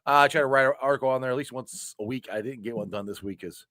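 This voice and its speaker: A man hosting a casual football show, laughing a lot and talking loosely and excitedly. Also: medium pitch, fast talker, no room sound, clean studio sound. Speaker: show host. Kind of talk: casual sports show chat.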